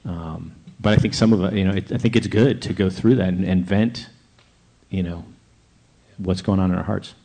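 A man's voice: sits low, steady tone, normal speed, creaky, warm tone. A man on a church Q&A panel talking candidly and conversationally, now and then chuckling as he explains. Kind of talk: panel discussion.

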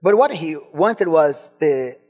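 High-voiced Brazilian-born man preaching. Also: animated, takes it slowly, darkish tone, faint music behind. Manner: personal testimony, rising to fervent emphasis. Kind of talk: sermon.

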